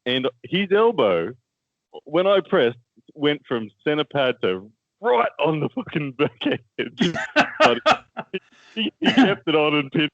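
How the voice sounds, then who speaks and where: A man's voice: fairly high pitch, sing-song, slow, creaky, dry recording, dull audio. A man with an Australian accent, co-hosting a casual chat and telling a story, laughing often and repeating words as he goes. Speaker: co-host, armwrestler.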